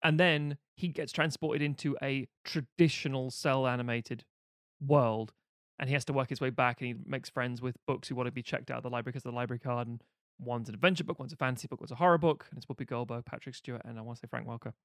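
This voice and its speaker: Male co-host, late 30s, mid-pitched, chatty and profane, self-mocking, dry close sound. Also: steady tone, fast talker, dry recording. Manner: rambling and profane, with self-deprecating jokes. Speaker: podcast co-host. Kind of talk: casual chat.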